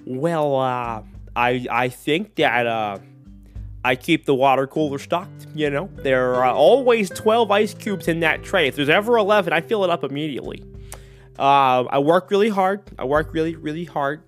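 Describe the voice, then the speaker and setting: A man's voice: on the high side, lively intonation, moderate pace, soft background music, natural voice. A man voicing a timid male office worker who stammers through asking his boss for a raise. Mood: hesitant. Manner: hesitant, stammering.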